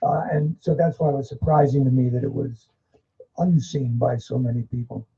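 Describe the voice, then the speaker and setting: A man's voice: medium pitch, normal speed, mellow. A man in the audience asking a question at a seminar, chatty and hesitant. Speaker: audience member. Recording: muffled live recording.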